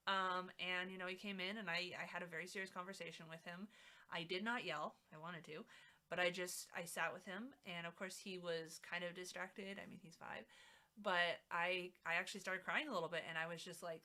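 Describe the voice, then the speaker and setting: A woman's voice: fairly low pitch, fairly quick, bright, forceful tone. A woman live streamer in casual, rambling chat at her home setup, talking with lots of fillers into a mic set a little back from her mouth. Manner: rambling, chatty, many fillers. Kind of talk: casual chat while crafting. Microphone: mic set a little away from the mouth.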